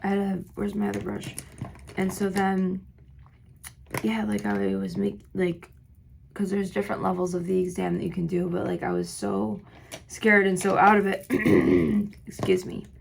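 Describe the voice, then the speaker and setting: A woman vlogging while doing her makeup, telling a long personal story in a rambling, filler-heavy way, her voice slightly hoarse. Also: medium pitch, animated, moderate pace, slight background noise. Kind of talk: get-ready-with-me storytime.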